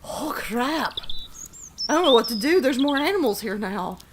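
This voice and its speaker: A woman's voice: on the high side, lively intonation, moderate pace, natural voice. A woman voicing a bewildered family dog who is flustered and fretful, speaking with some background noise.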